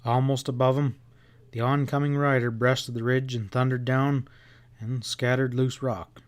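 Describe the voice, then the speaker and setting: A man reading a western novel aloud as an audiobook narrator, in steady storytelling. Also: mid-range voice, a little slow.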